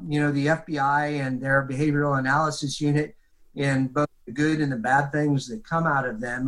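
A detective appears as an interview guest, retelling a case in animated storytelling and quoting others in vivid detail. His voice is a little high, and the audio is poor.

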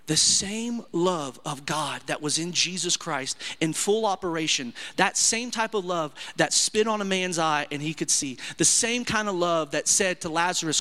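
Male pastor, earnest sermon delivery, bright and slightly high. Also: lively intonation, normal speed, few pauses. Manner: emotional, earnest preaching with rising pitch on quotes. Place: church sanctuary.

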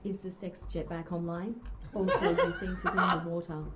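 A woman's voice: lowish voice, little pitch movement, fairly quick. A woman at a tabletop game, teasing and amused. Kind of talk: casual tabletop play. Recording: noisy line with clicks.

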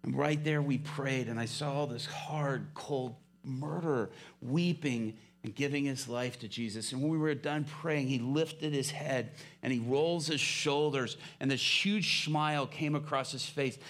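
A male preacher recounts a story from the pulpit, acting out each line of dialogue with theatrical flair. His voice is bright and forceful, with a pitch in the middle range. He keeps the pacing of a practiced sermon storyteller. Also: unhurried, few pauses. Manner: dramatic storyteller, acts out dialogue.

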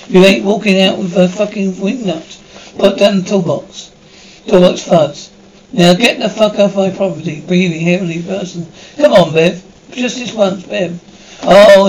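Man, fairly high voice, reads a whole screenplay aloud, flat and even, stage directions too. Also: poor audio. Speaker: script reader.

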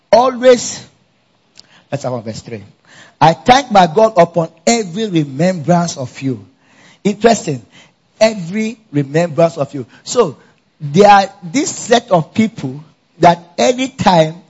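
This is a pastor's sermon at a church conference: his voice is high and a little husky, and he preaches with energy and plenty of call-and-response. He repeatedly poses questions to the crowd, then answers them. Sound quality is dull and lo-fi.

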